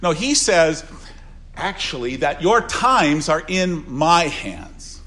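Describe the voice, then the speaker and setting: An older man, a pastor, preaching an earnest funeral sermon, repeating phrases and swinging between soft asides and louder emphasis. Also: a little high, very animated, slow pace.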